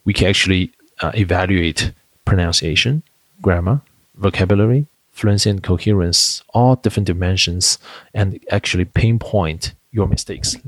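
A man who founded an edtech company chats through an interview as the guest, telling stories with lots of fillers and restarts. He speaks low-pitched at a moderate pace, and the recording has no echo.

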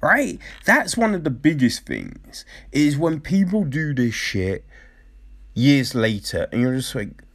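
A man talks through a casual commentary at an unhurried pace. His pitch rises and falls widely as he goes. He laughs often, swears freely and slips into quick mimicry of other people.

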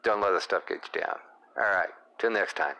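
A man's voice: low voice, fairly quick, pushed and bright, low-quality recording. A man leaving an upbeat, encouraging voice message for a podcast host. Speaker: caller, podcaster. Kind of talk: casual voice message.

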